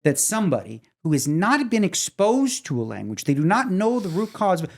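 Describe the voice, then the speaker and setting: Excitable man chatting on a podcast. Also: fairly quick, gravelly. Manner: excitable, animated storyteller who jumps up in pitch when amazed. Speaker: podcast co-host. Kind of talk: casual chat.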